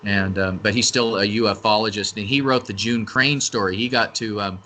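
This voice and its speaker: A man is a guest on a casual radio interview. He rambles and corrects himself mid-sentence as he goes. His voice sits a little low but comes across bright and forward. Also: steady tone, normal speed. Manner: rambling, self-correcting talker. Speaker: event organizer and interview guest.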